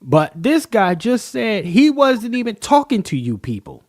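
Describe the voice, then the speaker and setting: A man hosts a livestream in a fairly high, very animated voice that rises and falls a lot. He talks emphatically in loose slang, with frequent pauses, and sounds dry and close to the mic. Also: no echo. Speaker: livestream host. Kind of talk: casual livestream commentary.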